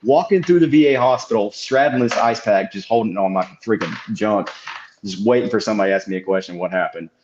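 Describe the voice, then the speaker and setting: A young adult man on a podcast telling stories in an animated way and acting out what people said. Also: lowish voice, quick pace, noisy background. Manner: animated storyteller, acts out quotes. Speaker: podcast co-host. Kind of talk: casual chat, storytelling. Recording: dull lo-fi audio.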